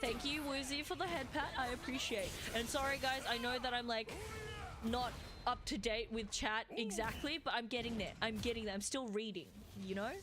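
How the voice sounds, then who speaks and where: A woman's voice: a little high, steady tone, moderate pace, music in the background. A young woman streaming and chatting casually with her viewers, blunt and swearing freely, rambling with lots of fillers.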